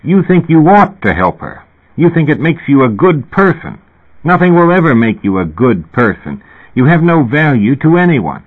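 A man voicing a loud, bullying male therapist who yells and hectors. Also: mid-range voice, very animated, measured pace, slightly rough, voice pushed up. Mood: roaring. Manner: yelling, hectoring. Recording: tinny phone-like recording.

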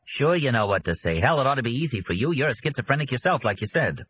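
A man's voice: mid-range voice, sing-song, fast talker, fairly bright tone, husky, voice pushed up. A man putting on a brash, pushy businessman. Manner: impatient, brash, blurting. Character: pushy excitable middle-aged businessman.

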